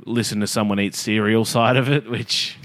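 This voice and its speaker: A man's voice: fairly low pitch, fairly even intonation, moderate pace, a bit bright. A young adult man co-hosting a casual podcast, wry and laughing often. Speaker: podcast co-host. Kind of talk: casual chat.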